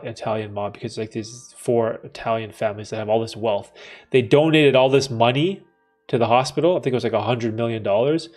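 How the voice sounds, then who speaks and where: A man's voice: medium pitch, a little mellow. A young man hosting a livestream, chatting casually with slang and frequent laughs while reading comments aloud. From Canada. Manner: laid-back, slangy, laughs often, reads chat aloud. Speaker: livestream host.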